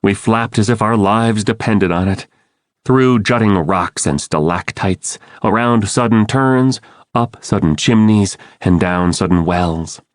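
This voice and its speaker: A man's voice: on the low side, a little slow, no room sound. A man giving urgent, dramatic first-person audiobook narration into a close studio mic.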